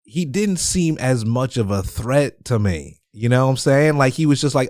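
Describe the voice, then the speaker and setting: A man gives his blunt, profane take on a film in casual podcast talk. His voice sits a little low and sounds dry and close, and he often restarts his sentences. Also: lively intonation, normal speed, hardly any pauses, a little mellow, dry recording. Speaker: podcast co-host. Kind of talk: casual film review chat.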